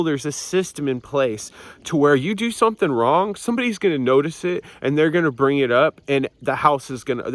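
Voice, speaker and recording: A man's voice: medium pitch, fairly bright tone, no echo. A young man in a casual confessional vlog, rambling and swearing, filming outdoors on a hillside with a handheld camera. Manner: rambling, profane, self-mocking with restarts. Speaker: vlogger.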